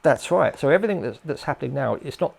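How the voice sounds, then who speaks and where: A man's voice: medium pitch, expressive, quick pace, creaky, darkish tone. An older man from England, a guest in a casual interview, who rambles and hesitates with many fillers and restarts.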